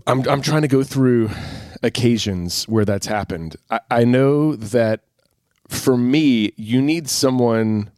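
A man's voice: mid-range voice, slow pace, darkish tone, no echo, studio quality. A middle-aged man co-hosting a podcast in casual chat, talkative and self-deprecating, laughing easily. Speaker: podcast co-host.

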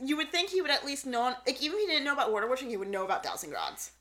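Gal podcaster recapping an episode, kinda high bright voice, says like a lot. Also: female voice, racing. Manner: animated storyteller, lots of "like" and "so yeah". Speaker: podcast co-host. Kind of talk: casual chat recapping a show.

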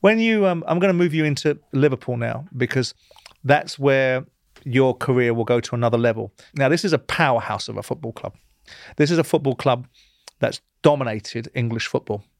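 A man's voice: mid-range voice, normal speed, creaky, dry recording, studio quality. A man hosting an interview, blunt and challenging, pushing back on his guest. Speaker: host. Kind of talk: interview and debate.

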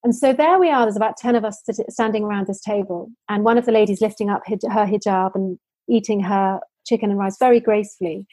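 A woman's voice: medium pitch, fast talker, mellow, no echo, rough recording. A woman from the UK, telling heartfelt stories earnestly as an interview guest. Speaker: social entrepreneur guest. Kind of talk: interview storytelling.

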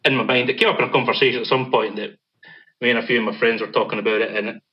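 A man's voice: medium pitch, fairly even intonation, racing, muffled recording. A man with a Scottish accent, a band vocalist guest, talking in a laid-back, rambling way with many fillers. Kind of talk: casual interview chat.

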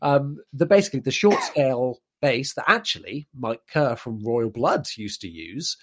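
A man's voice: mid-range voice, expressive, moderate pace, a bit bright. A man hosting a podcast in casual chat, chatty and self-deprecating, explaining things at length. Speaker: podcast host.

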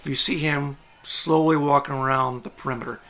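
A man narrating a tabletop game as game master, describing the scene in a relaxed way. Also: medium pitch, normal speed.

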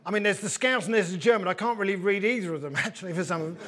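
A man with a very high speaking voice hosts a comedy football panel. He teases the panel and undercuts himself with wry asides, keeping the chat loose and joking. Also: rapid-fire, fairly bright tone. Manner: wry, teasing, self-mocking asides. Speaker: host of a comedy football podcast.

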